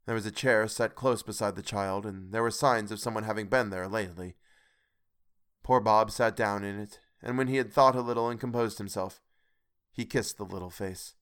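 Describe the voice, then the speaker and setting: A man narrating a classic story in a measured, expressive reading. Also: lowish voice, smooth. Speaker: audiobook narrator. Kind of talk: scripted narration.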